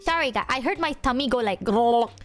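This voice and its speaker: High, bouncy young woman streamer. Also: expressive, quick pace, pushed and bright, faint music behind. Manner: bubbly, swears freely, laughs often. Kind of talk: casual stream chat.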